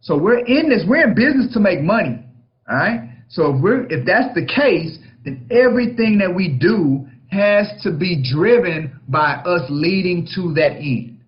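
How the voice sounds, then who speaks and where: A high-voiced man coaching a team on negotiation, emphatic and punchy. He keeps checking in with a quick "right?" after almost every point. The recording sounds a bit dull and lo-fi. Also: lively intonation. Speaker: real estate broker hosting a coaching session. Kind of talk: coaching talk on a book chapter.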